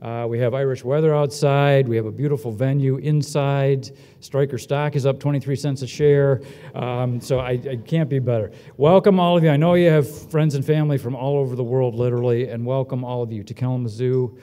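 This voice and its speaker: A man warming up a crowd at a ceremony, breezy and self-deprecating, cracking jokes between announcements. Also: medium pitch, fairly even intonation, fairly quick. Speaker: event emcee. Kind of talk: joking welcome speech. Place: hotel ballroom. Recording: long hall reverb.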